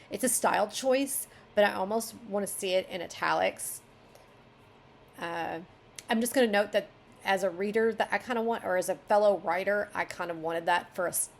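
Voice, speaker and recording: Gravelly woman musing over writing notes. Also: mid-range voice, a little hiss or hum. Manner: musing, self-questioning, flip-flops between options. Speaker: beta reader giving writing critique. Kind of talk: reading aloud and thinking out loud.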